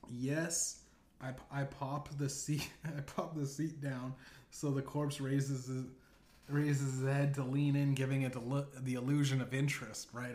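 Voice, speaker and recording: A man's voice: medium pitch, steady tone, measured pace, a little mellow. A man hosting a podcast, telling a rambling comedic story full of profanity and asides. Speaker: podcast host. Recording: echoey room.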